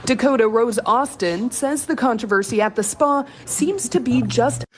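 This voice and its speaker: A woman reporter delivering a broadcast news report in a measured, even way. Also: fairly high pitch.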